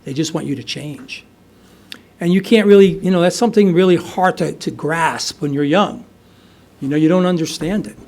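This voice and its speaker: A man's voice: on the high side, moderate pace, vocal fry, a little mellow. A middle-aged man from the United States telling his recovery story at a meeting, conversational, with many fillers and restarts. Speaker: AA speaker. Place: meeting hall.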